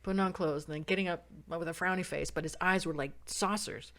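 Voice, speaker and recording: This San Diego woman, on a podcast as a guest, shares a personal anecdote and acts out quoted lines with sharp jumps in pitch and volume. Her tone is steady otherwise, and her pace runs a little fast.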